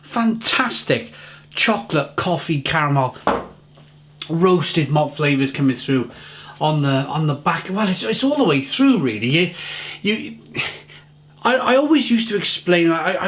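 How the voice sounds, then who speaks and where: A middle-aged man talks casually to camera as he tastes a beer, eager and full of praise. He repeats and restarts his words as he goes, and his voice sits a little on the high side. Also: sing-song, measured pace. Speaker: beer reviewer. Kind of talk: casual tasting review to camera.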